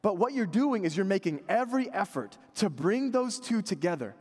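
A man in his thirties preaching a sermon, conversational and animated, dropping to quiet earnest asides. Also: sits high, normal speed, in a large hall. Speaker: pastor.

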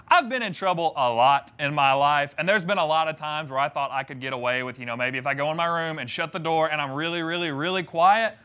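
A young man preaches in an easy, joking way, slipping into voices to act out the story. His voice sits high for a man. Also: pushed and bright. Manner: conversational and humorous, acts out scripture voices. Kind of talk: sermon.

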